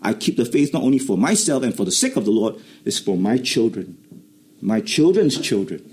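A man preaching a sermon, explaining Greek words and rising to animated emphasis. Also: medium pitch. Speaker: pastor.

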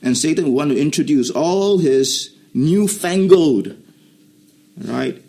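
A man preaching a sermon, explaining Greek words and rising to animated emphasis. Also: on the high side, slow. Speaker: pastor.

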